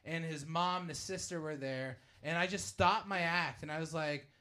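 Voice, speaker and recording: A young man, a stand-up comedian, telling stories from his shows in casual chat, swearing freely and shouting when he acts out bits. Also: a little high, moderate pace. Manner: animated storyteller, bursts into shouting when acting out his set.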